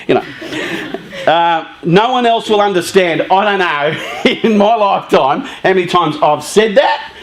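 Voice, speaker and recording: A man's voice: high-pitched, unhurried, a little hiss or hum. A man in his fifties giving a conversational, joking talk to a live youth group, often asking the audience questions. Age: 50s. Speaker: youth charity speaker.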